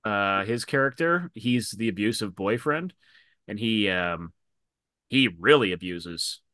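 A man's voice: fairly low pitch, lively intonation, measured pace, sharp tone, no room sound, studio quality. A man talking frankly in a casual film discussion, swearing freely and retelling scenes. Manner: retells scenes with quoted voices.

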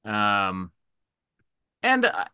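A man's voice: fairly low pitch, wildly swooping pitch, very slow, pushed and bright, smooth. A man talking frankly in a casual film discussion, swearing freely and retelling scenes. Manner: retells scenes with quoted voices.

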